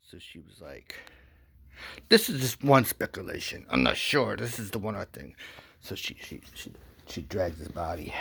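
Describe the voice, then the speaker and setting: A man telling a rambling satirical comedy story with goofy, deadpan asides. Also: low voice, moderate pace, creaky, husky.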